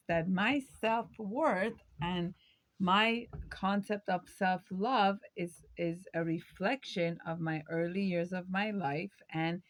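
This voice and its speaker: Speaking slowly at a fairly low pitch, a woman presents her own video in a dry recording. Her educational talk to camera is reflective, full of rhetorical questions, with a filler here and there.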